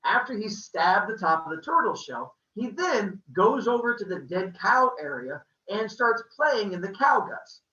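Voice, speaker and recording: A man tells a comic myth in a casual, jokey voice, adding playful sound effects. His pitch swings freely and his tone is bright. The sound is distant, dull and roomy. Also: sing-song, measured pace, hardly any pauses. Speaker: podcast host. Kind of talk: comedic mythology storytelling.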